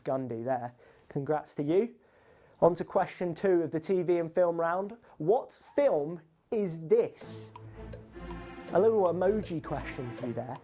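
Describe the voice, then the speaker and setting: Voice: medium pitch, mellow. A quiz host running a live online quiz, reading out questions and scores in a chatty, teasing, upbeat way.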